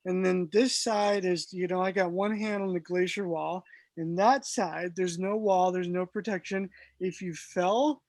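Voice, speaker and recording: A man guest telling a personal story in a casual, animated way, laughing often and using lots of fillers. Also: high voice, no room sound.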